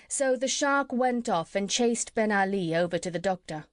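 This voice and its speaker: A woman narrating a classic children's story as an audiobook reader, steady and clear. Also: mid-range voice, normal speed, few pauses, no echo. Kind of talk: scripted narration.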